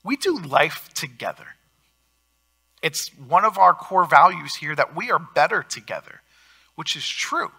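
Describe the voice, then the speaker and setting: A man preaching a sermon as pastor, earnest, with swings in loudness for emphasis. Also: on the high side, big pitch swings, measured pace, creaky, slightly rough.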